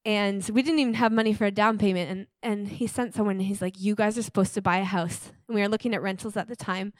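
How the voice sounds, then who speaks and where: A woman's voice: mid-range voice, fairly even intonation, fast, no room sound. A woman telling faith stories in a casual, enthusiastic testimony style, chatty and full of fillers.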